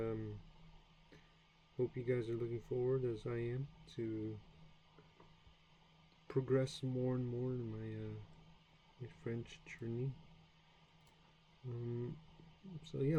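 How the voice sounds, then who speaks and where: A slow-talking man from the United States, rambling and poking fun at himself while he works through his French practice. His voice is very dark and mellow, with faint noise in the background. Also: mid-range voice, rough recording. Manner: rambling, self-deprecating, many fillers and restarts. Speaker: language learner streaming his practice. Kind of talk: casual self-study stream, practicing French sounds aloud.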